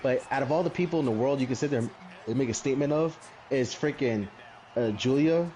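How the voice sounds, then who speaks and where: Man, fast ranting podcast co-host, faint room hiss behind. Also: medium pitch, warm tone. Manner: ranting, exasperated. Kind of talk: casual wrestling chat.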